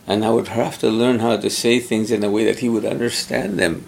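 Brief: middle-aged man, gravelly, unhurried, thoughtful interviewee. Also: lowish voice, steady tone, slight background noise. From Pimicikamak Cree Nation, Canada. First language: Cree. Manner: measured, thoughtful, pauses often to find words. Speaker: interviewee, former Cree teacher. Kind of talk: conversational interview.

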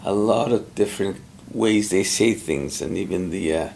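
A middle-aged man from Pimicikamak Cree Nation in Canada, a former Cree teacher whose first language is Cree, is interviewed conversationally. His low, gravelly, darkish voice is unhurried and thoughtful, and he measures his words, often pausing to find them. There's a little hiss or hum.

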